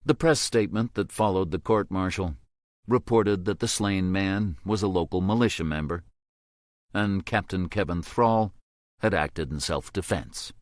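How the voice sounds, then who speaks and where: Deep, slow male audiobook narrator. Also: no room sound, clean studio sound. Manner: measured, grave storytelling. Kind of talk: scripted narration.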